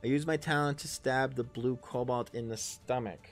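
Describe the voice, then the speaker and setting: A man's voice: medium pitch, fairly even intonation, moderate pace. Man in his thirties, tabletop game narration, rambling with ums and restarts, casual swearing, faint music behind. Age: 30s. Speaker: game master and player.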